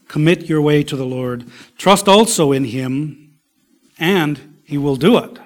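Slow, emphatic preaching man. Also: mid-range voice. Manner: slow, emphatic preaching, dropping to soft whispers. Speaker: pastor. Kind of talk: sermon.

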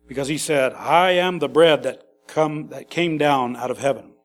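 A man preaching an expository sermon in a conversational, animated way, acting out quotes and adding quick asides. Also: a little high. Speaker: pastor.

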